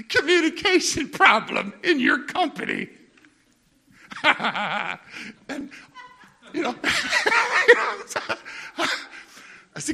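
A middle-aged man preaching a sermon, telling a story with humor, laughing often and mimicking other people in a high voice. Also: pushed and bright, husky.

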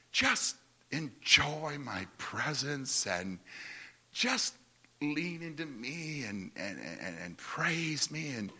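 God speaking low and unhurried, as a preacher puts him on, calm and reassuring, the voice sinking to a near whisper. The tone stays bright and clear even at this soft level. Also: male voice, heavily acted. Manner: soft, slow, hushed and reassuring. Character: God speaking gently to a believer.

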